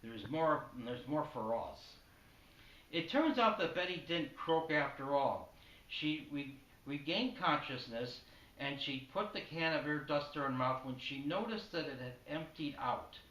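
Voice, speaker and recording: A man tells a spoken-word story in a flat, matter-of-fact way. His voice is fairly high with a bright edge. It is heard from a distance in an echoey room. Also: normal speed.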